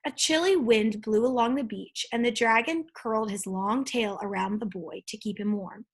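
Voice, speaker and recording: A woman reading a children's book aloud, with steady, expressive storytelling. Her voice is on the high side and noticeably breathy. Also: normal speed. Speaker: storybook reader.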